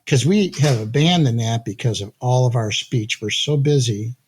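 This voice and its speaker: An older man, a guest in an interview, telling animated stories with a slightly husky voice, acting out quotes and laughing often. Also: mid-range voice, normal speed, slight background noise. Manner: lively anecdotes, acts out quotes, laughs often. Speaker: guest, audio company founder. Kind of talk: animated storytelling in conversation.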